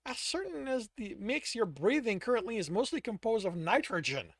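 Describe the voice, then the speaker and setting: A man doing a brisk woman healer. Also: high-pitched, very animated, no room sound, clean studio sound, voice pushed up, full character voice. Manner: brisk, matter-of-fact. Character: blunt, clinical woman healer.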